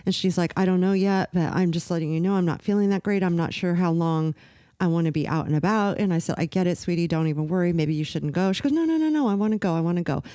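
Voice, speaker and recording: A middle-aged woman recounting a personal story on a podcast, animated and openly emotional. She slips into the voices of the people she quotes. Her voice sits a little low, recorded close and dry. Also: quick pace, no echo. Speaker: podcast co-host. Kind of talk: casual storytelling chat.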